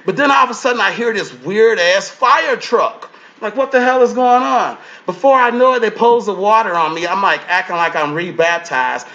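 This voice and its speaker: Comedian guy, high sharp voice, cussing his way through a story and doing everyone's voices, muffled lo-fi sound. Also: normal speed. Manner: profane, acts out quotes in changing voices. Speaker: comedian guest. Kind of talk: animated storytelling.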